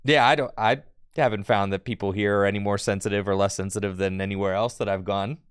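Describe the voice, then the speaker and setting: Smooth-voiced man streamer chatting. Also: fairly low pitch, fairly even intonation, fast talker, no room sound, studio quality. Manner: chatty, talks back to viewers in chat. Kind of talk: casual live-stream chat while playing a card game.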